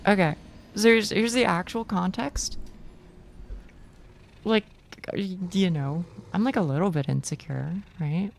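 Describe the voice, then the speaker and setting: A woman streamer talks casually while she plays, her voice low and gruff with a gravelly rasp. She rambles and cuts herself off mid-sentence, laughing easily. A faint noise sits under the recording. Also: unhurried, pauses often. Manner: rambling, self-interrupting, laughs often. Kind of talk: casual chat while gaming.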